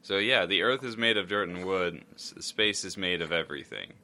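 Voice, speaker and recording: A man's voice: low-pitched, normal speed, pushed and bright. A man co-hosting a podcast, joking crudely and half-singing lyrics as he picks them apart. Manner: jokey, crude, sings lyrics aloud. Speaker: podcast co-host. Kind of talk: casual comedic chat.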